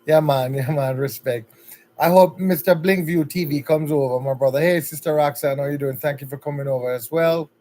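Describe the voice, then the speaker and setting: A man's voice: on the high side, fairly even intonation, fairly quick, dark tone, poor audio. A man with a Jamaican accent hosting a casual livestream, chatty and upbeat, greeting viewers one by one by name. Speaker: livestream host.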